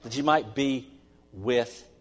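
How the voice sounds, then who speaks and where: A middle-aged man preaching a sermon as pastor, earnest, swinging between emphatic stresses and soft asides. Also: medium pitch, slow. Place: church sanctuary. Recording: long church-hall reverb.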